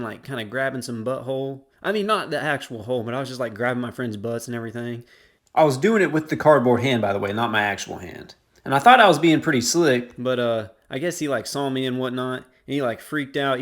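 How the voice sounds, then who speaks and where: A man's voice: mid-range voice, fairly bright tone. A young man casually telling a school story as a YouTuber, slangy and rambling. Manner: slangy, rambling, laid-back.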